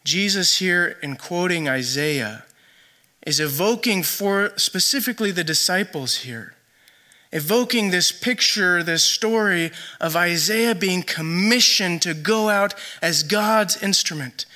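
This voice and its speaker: A man preaching a sermon in a conversational way, acting out the lines he quotes with lively emphasis. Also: high voice, a little slow. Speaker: pastor.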